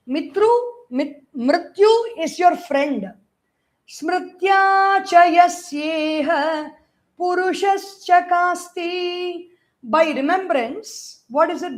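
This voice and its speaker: A woman with an Indian English accent giving a spiritual discourse, telling lively stories and chanting Sanskrit verses. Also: high voice. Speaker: spiritual teacher.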